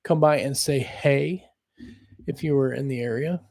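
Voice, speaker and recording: A man chatting casually on a home livestream, rambling and pausing as he talks to his viewers and his cat. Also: medium pitch, vocal fry, a little mellow, dry recording. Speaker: snake breeder livestreaming. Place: room at home.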